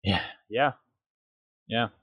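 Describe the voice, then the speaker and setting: A man's voice: on the low side, drawn-out words, fairly bright tone, no echo, low-quality recording. A man co-hosting a podcast in casual chat, rambling with many fillers and checking in with "right?". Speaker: podcast co-host.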